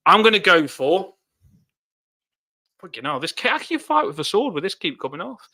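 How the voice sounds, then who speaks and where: A man co-hosting a fan football channel, chatting casually with jokey, excitable banter. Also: high voice, moderate pace, dry recording.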